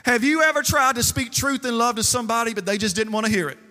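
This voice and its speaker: A male pastor delivers a lively sermon, retelling a story and acting out the quotes. His voice sits high and bright, with a forceful edge. Long reverb from the church sanctuary rings around every word. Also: fast talker.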